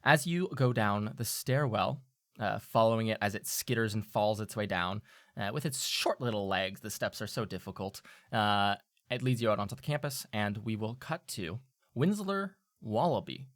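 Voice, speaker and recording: A man's voice: fairly low pitch, animated, moderate pace, a bit bright, dry recording, studio quality. A man narrating a tabletop game as game master, loose and full of fillers.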